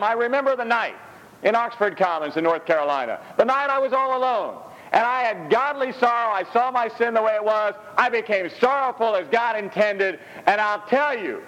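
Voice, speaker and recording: A man preaching a sermon in an animated, joking way. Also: normal speed, lo-fi sound. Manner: animated, jokey preaching with swings of pitch. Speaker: pastor.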